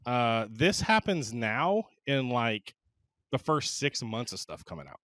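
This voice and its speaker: A man's voice: mid-range voice, sing-song, measured pace, fairly bright tone, dry recording. A man in his thirties co-hosting a casual podcast, joking and rambling through his explanations. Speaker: podcast co-host.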